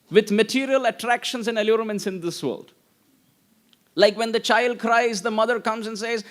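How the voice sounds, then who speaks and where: A man giving a devotional lecture in a high, expressive voice. He tells stories, acts out the voices in them, and chants Sanskrit verses in between. His pitch jumps and swoops, which keeps the talk animated. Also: normal speed. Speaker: preacher.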